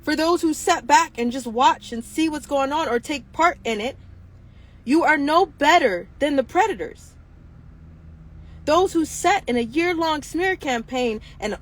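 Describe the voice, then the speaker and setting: A woman's voice: sits high, animated, a little slow. A woman hosting her own show, speaking in an impassioned monologue full of indignant rhetorical questions. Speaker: show host.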